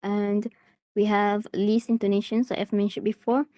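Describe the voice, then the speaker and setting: Brief: woman teacher, from Malaysia, online class, soft mellow tone, dry sound, hesitant with fillers. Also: mid-range voice, flat delivery, normal speed, dry recording. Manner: hesitant, many fillers and restarts. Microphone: video call.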